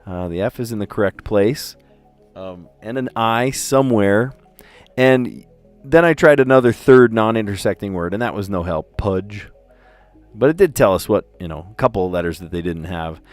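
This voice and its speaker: A man's voice: on the low side, animated, moderate pace, faint music behind. A man hosting a livestream, chatting casually and playfully as he recaps the day's word puzzles. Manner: chatty and playful, often laughing at his own stories.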